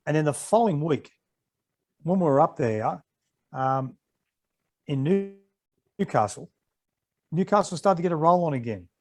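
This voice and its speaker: Australian man, 60s, fairly high voice, lively storyteller, former referee. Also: normal speed, long pauses. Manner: animated anecdotes, acting out quoted exchanges. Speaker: retired rugby league referee, podcast guest. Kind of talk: casual storytelling interview.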